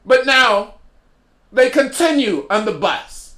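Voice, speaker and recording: A man's voice: high-pitched, lively intonation, measured pace, fairly bright tone. Sarcastic ranting podcast man, echoey room. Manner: sarcastic, mocking, repetitive. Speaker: podcast host.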